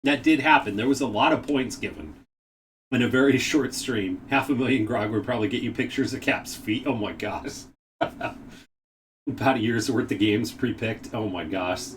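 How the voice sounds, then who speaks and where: A man hosting a live game stream, chatting casually, reading out viewer messages and laughing often with excited exclamations. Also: medium pitch, moderate pace, distant mic, slight background noise.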